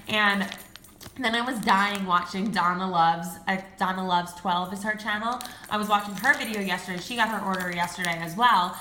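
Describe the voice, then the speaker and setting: A woman in her twenties gushing excitedly in a casual haul video, full of "like" and the odd swear word. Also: on the low side, brisk, roomy sound, a little hiss or hum. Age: 20s. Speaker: vlogger.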